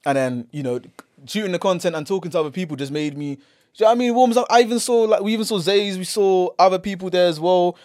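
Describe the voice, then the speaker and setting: A young man with a London accent telling a story on a casual podcast, acting out what people said with slangy, lively delivery. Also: sits high, fast talker, no room sound, clean studio sound. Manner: animated, acts out quotes, slangy. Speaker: podcast host.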